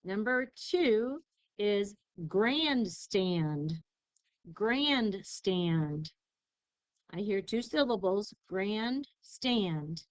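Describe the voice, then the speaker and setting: A woman teacher giving a recorded spelling lesson, sounding out syllables slowly and carefully. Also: mid-range voice, lively intonation, no room sound, rough recording. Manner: slow, careful enunciation of syllables.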